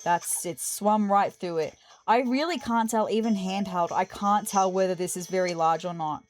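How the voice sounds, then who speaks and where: A woman giving casual let's-play commentary, excitable and gushing, with apologetic asides. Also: mid-range voice, moderate pace, soft background music. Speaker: gaming video host.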